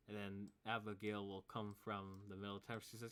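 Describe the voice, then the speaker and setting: Casual low-voiced game master. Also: male voice, little pitch movement, a little fast, hardly any pauses, a bit bright, clean tone. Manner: casual, rambling, sound-effect interjections. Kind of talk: narrating a tabletop game.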